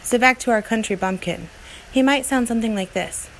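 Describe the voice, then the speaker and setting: A woman teacher narrating a lesson in an upbeat, expressive, chatty way. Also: a little high, fairly quick, slight background noise, rough recording.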